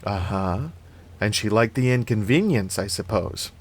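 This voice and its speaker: A man's voice: lowish voice, lively intonation, unhurried, husky. A man voicing a wisecracking, jumpy teenage girl babysitter in a read-aloud story, with sarcastic quips.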